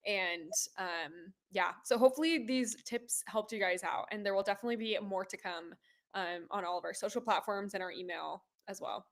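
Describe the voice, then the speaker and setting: A woman's voice: medium pitch, normal speed, fairly bright tone. A woman co-hosting a casual chat over a video call, chatty as she wraps up for the audience. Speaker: co-host.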